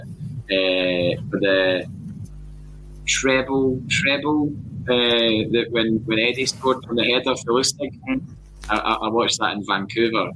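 Bright-voiced Scottish man telling stories. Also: fairly low pitch, slight background noise, rough recording. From Scotland. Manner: rambling storyteller, stammers on restarts. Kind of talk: casual chat.

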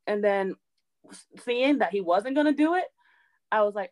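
A young woman as an interview guest, chatting in a lively way, acting out quotes and saying "like" a lot. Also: medium pitch, normal speed, pauses often, poor audio. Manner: chatty, animated, acts out quotes, says "like" often. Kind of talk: casual storytelling.

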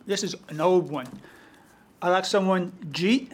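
Bronx-accented man, high voice. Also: moderate pace. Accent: New York (Bronx). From New York, the Bronx. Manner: animated anecdotal storyteller. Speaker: guest storyteller and poet. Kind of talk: conversational interview storytelling.

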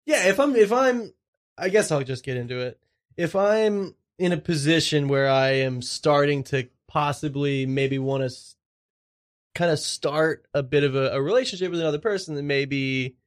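A man co-hosting a live radio comedy show, talking in halting, rambling stretches. His voice sits slightly higher than usual for a man. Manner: rambling, halting, awkward earnestness. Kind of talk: comedic banter.

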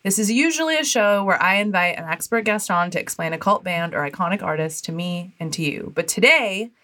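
A woman's voice: fairly low pitch, lively intonation, fairly quick, pushed and bright. A woman hosting a music podcast, chatting casually, laughing often and rambling with lots of "like"s. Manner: giggly, rambling with many "like"s. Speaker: podcast host. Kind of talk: casual chat.

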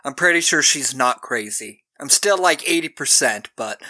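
A young man chats through a film's plot on a podcast, slipping into the characters' lines as he goes. His voice sits a little high and very bright, recorded close and dry. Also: takes it slowly, no room sound. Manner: animated retelling, acting out characters' lines. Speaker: podcast co-host. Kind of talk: casual movie recap chat.

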